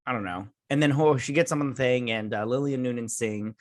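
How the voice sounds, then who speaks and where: A man's voice: medium pitch, fairly quick, no echo, clean studio sound. A man hosting his own channel, reviewing a TV episode in a rambling, scatterbrained casual chat. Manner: rambling, scatterbrained, many restarts.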